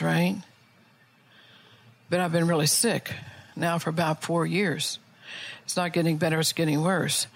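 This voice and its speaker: A middle-aged woman pastor preaching earnestly, asking her listeners rhetorical questions. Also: lowish voice. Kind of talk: sermon.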